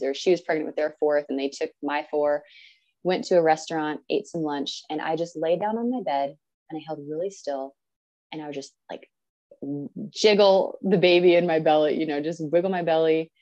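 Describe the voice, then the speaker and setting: A woman in her thirties, a podcast guest, telling a personal story in an earnest, animated way and acting out what people said. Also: deep voice, lo-fi sound. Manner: earnest, animated, acts out quoted speech.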